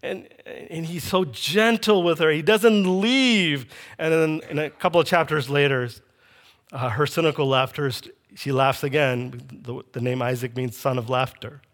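High-voiced man preaching a lively sermon. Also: normal speed. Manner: animated storytelling, reading scripture and acting out quoted lines.

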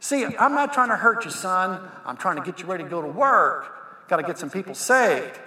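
Preacher as folksy cowboy God, firm and fatherly, bright voice, echoey hall. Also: sits high, big pitch swings, normal speed, heavily acted. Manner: folksy, preachy, calls listener son. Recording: echoey hall with long reverb.

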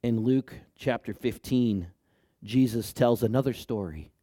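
A man preaching a sermon as pastor, animated, joking with the congregation and dropping to a hushed, soft voice for emphasis. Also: mid-range voice, measured pace, no echo, clean studio sound. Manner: playful asides and jokes to the congregation.

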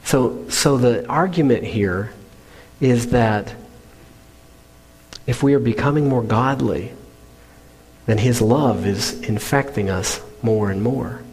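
A man's voice: medium pitch, slow pace, pauses often, darkish tone, slightly rough. Man preaching a sermon in a reverberant hall. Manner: earnest, conversational preaching with asides. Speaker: pastor. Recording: long reverb of a large hall.

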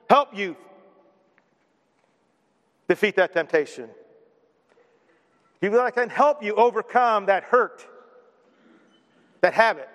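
A high-pitched male pastor preaching with emphatic, repetitive build-ups. His voice rings out with a long reverb, as if filling a large hall. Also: fairly bright tone. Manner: emphatic, builds with repeated phrases. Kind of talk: sermon.

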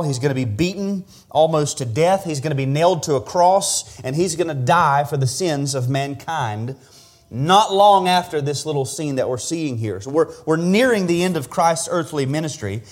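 A man's voice: on the high side, normal speed. A man preaching an expository sermon as pastor, earnest and teaching verse by verse, often repeating a word as he restarts.

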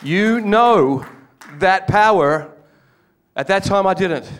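A man's voice: sits high, animated, takes it slowly, a little hiss or hum. Earnest man telling his testimony. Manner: earnest storytelling with frequent restarts and repeated words. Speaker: guest speaker giving testimony. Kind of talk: testimony sermon to a congregation.

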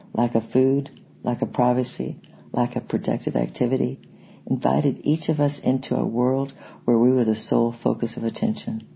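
A man reading an audiobook in a steady, reflective way. His voice is dark and gravelly, and it stays even in pitch. It has a husky, breathy grain. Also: low-quality recording. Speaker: audiobook narrator. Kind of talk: scripted narration.

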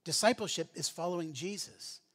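A man's voice: a little high, a little fast, a bit bright, slightly rough. A man preaching a sermon in an earnest, conversational teaching manner, often restarting his phrases. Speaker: pastor.

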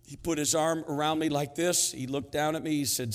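A man in his sixties preaching a sermon, telling stories in a lively, humorous way that swings between hushed and loud. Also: on the high side, a little fast, few pauses. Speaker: pastor. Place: church sanctuary. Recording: long hall reverb in sanctuary.

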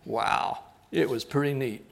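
A male pastor preaching a sermon, telling a story with lively acted-out dialogue. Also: mid-range voice, a little slow, creaky. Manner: animated storyteller, acts out quoted voices. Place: church.

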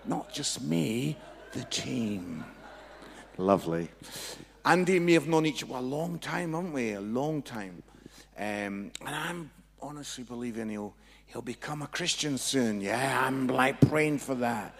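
A Scottish man, a Christian comedian, telling a humorous testimony in an animated, jokey storytelling way. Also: medium pitch, moderate pace, in a large hall. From Scotland.

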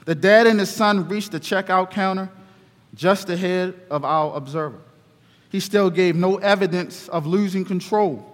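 Male pastor, sermon, unhurried storyteller; high voice, long church echo. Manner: slow, deliberate storytelling. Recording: reverberant hall.

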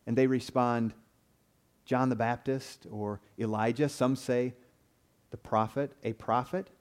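A man's voice: medium pitch, steady tone, measured pace, darkish tone. A man preaching a sermon in an earnest way, often repeating a word as he starts a phrase.

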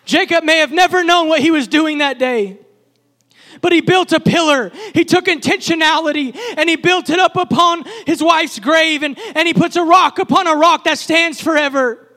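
A man's voice: very high voice, moderate pace, sharp tone. A man preaching a sermon at a church service, speaking with passion in repeated, building phrases.

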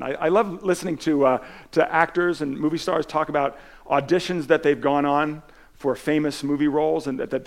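A man's voice: mid-range voice, gravelly. A man pastor giving a conversational sermon, telling stories with many restarts and filler words.

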